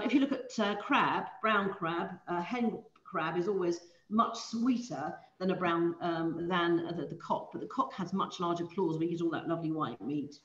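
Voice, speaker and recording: A woman's voice: lowish voice, roomy sound, muffled recording. A woman presenting an online seafood masterclass, explaining preparation in a chatty way with frequent ums and self-corrections over a video call. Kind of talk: live online cooking demonstration.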